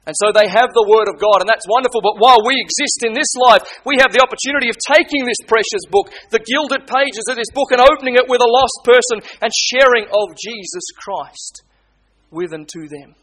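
High-pitched guy preaching, goes quiet then gets loud and pleading. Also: a little fast. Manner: impassioned preaching, swings from hushed pleading to loud urgent appeals. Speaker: pastor. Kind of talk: sermon.

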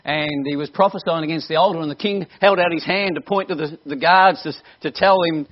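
Male evangelist, high-pitched, animated and playful, dull live church recording. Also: brisk, hardly any pauses, a little hiss or hum. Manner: animated, joking, teasing the audience. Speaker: evangelist preacher. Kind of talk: lively storytelling sermon. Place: church hall before a congregation.

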